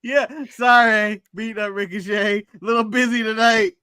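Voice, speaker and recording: An American man co-hosting a podcast, chatting casually about wrestling, laughing often and slipping into quick playful mock voices. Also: high-pitched, flat delivery, sharp tone, smooth, dry recording, studio quality. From United States. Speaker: podcast co-host. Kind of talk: casual wrestling recap chat.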